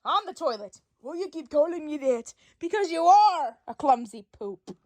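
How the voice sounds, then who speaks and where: A woman performing an improvised skit, switching rapidly between many bickering characters in different voices. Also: sits high, very animated, darkish tone, no room sound, clean studio sound. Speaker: storyteller voicing every character. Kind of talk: improvised doll-play skit.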